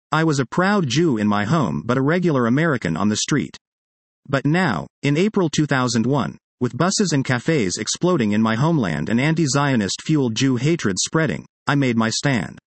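A middle-aged man, a history professor, reading his own personal essay aloud in a measured, earnest way with deliberate pauses. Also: medium pitch, no echo.

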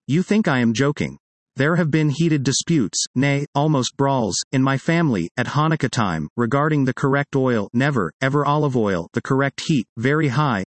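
A man reading a personal essay aloud in a wry, expressive storytelling manner. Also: mid-range voice, no echo. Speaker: narrator.

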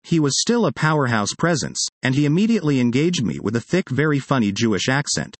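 A comedian reading his own tribute essay as scripted first-person narration, an anecdotal storyteller who drops punchlines deadpan. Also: mid-range voice, brisk, few pauses, no echo.

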